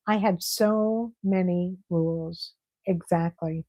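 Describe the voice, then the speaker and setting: A middle-aged woman hosting a casual live stream, chatting and reading viewer comments aloud in an animated way. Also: fairly low pitch, slow pace, no room sound, low-quality recording. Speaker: livestream host.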